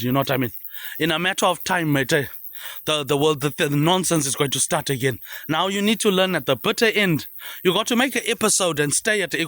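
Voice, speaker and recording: A man rambles on in a high, swooping voice that leaps up and down. He keeps tacking a low "mate, eh" onto his lines. The sound is close and dry. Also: a bit bright, no echo. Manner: repetitive, trailing "mate, eh" tags dropped low. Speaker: vlogger. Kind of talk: rambling monologue.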